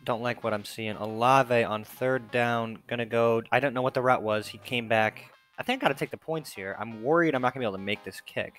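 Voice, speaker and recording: A man's voice: mid-range voice, a little fast, hardly any pauses, fairly bright tone, soft background music. A young man giving casual, sarcastic play-by-play commentary on his football video game, swearing often. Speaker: gaming video host.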